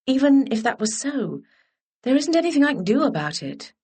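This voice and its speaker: A woman's voice: high-pitched, very animated, normal speed, a little mellow, breathy edge, voice pushed up, exaggerated voice. A woman voicing a reserved, anxious young lady who speaks in a hesitant, restrained way, in a storybook reading. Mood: uneasy.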